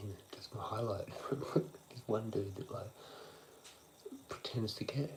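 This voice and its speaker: A man's voice: on the low side, measured pace, vocal fry, pauses often, in a whisper, rough recording. A young man ranting on a livestream, swearing a lot and circling through frustrated philosophical thoughts. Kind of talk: rambling late-night livestream rant.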